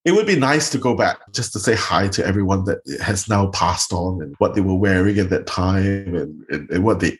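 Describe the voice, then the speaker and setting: A middle-aged man from Singapore with a Singaporean accent, telling stories in a casual interview, animated and often laughing. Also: sits low, normal speed. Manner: animated, laughs often, quotes people in put-on voices. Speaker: guest.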